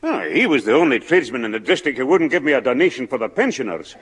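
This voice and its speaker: A man's voice: medium pitch, very animated, fast talker, a bit bright, slightly rough, long reverb tail. An actor playing a fussy, distracted older grandfather in a 1960s radio sitcom.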